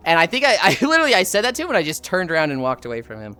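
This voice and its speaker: A woman's voice: low-pitched, very fast, few pauses, smooth. A woman streamer telling rambling stories from her school days in casual, profane chat while greeting viewers. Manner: profane, rambling, animated retelling.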